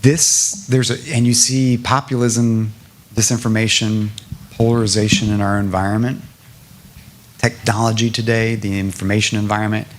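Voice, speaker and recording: A man's voice: on the low side, creaky, a little hiss or hum. A middle-aged man from South Carolina answering a question at a public lecture, earnest and building to emphatic lists. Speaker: guest speaker at a public lecture.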